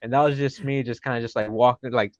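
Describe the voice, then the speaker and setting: A man's voice: mid-range voice, fairly even intonation, fast, no echo. A man talking as a guest fighter in a casual podcast chat, rambling with lots of fillers and self-corrections. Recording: dull lo-fi dry sound.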